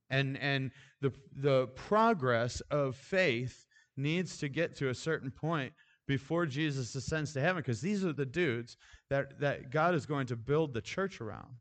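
A man's voice: medium pitch, lively intonation, unhurried. A man preaching a sermon in a conversational, informal manner, with casual asides and frequent restarts. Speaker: pastor.

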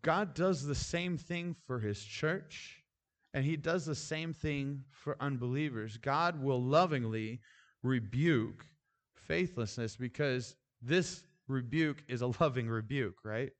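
A man's voice: mid-range voice, takes it slowly. A man preaching a sermon in a conversational, informal manner, with casual asides and frequent restarts. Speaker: pastor.

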